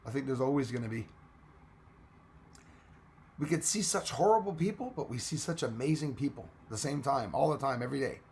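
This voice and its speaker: A man hosting a casual live stream chat, hoarse and losing his voice, greeting viewers by name. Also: mid-range voice, animated, fairly quick, long pauses, darkish tone, a little hiss or hum.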